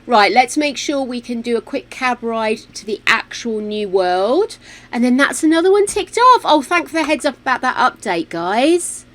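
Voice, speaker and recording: A woman's voice: fairly high pitch, sing-song, normal speed, fairly bright tone. A woman, chatting casually while streaming a game at home, playful and full of exclamations. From United Kingdom. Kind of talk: casual gameplay chat. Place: home room with a fan running.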